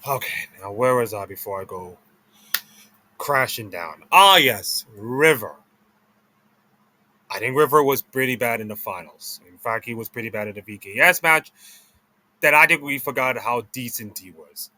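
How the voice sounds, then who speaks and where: A man giving casual commentary as he ranks players, rambling with many restarts and self-corrections, and talking slowly and sluggishly after a meal. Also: mid-range voice, expressive, bright, forceful tone. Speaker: esports video creator.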